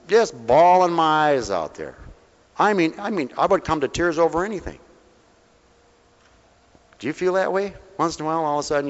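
Folksy preacher man, echoing hall. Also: medium pitch. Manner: folksy, coaxing, calls listeners honey, call-and-response questions. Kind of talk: folksy sermon. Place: mission hall. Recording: dull reverberant hall recording.

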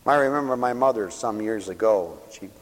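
A man preaching a radio sermon with passion, swelling loud on scripture and dropping low to tell stories. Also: moderate pace. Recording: long hall reverb.

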